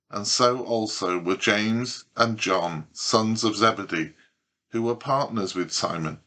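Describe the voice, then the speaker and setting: A man reading a Bible passage aloud in a measured, deliberate way. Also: fairly low pitch, bright, forceful tone. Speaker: scripture reader.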